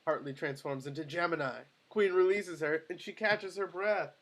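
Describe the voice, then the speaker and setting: A man narrating the stage directions of a screenplay at a table read in a steady, matter-of-fact way. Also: fairly high pitch, moderate pace. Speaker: narrator of action lines.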